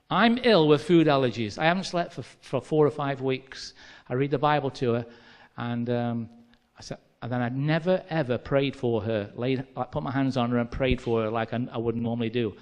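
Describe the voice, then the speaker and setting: A man from England with a Midlands accent, preaching a sermon as a lively conversational story with quoted dialogue. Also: medium pitch. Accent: English Midlands.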